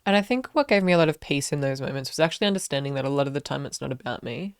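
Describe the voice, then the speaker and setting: Quick-talking woman, clear and dry. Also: extremely low pitch, no echo. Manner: reflective, calm, often murmurs agreement. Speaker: podcast co-host. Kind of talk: casual couple chat.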